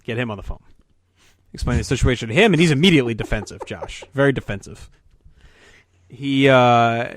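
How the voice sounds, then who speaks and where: A man co-hosting a podcast, telling a long profane story as an animated rant in casual chat. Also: medium pitch, a little fast, pauses often, no room sound. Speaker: podcast co-host.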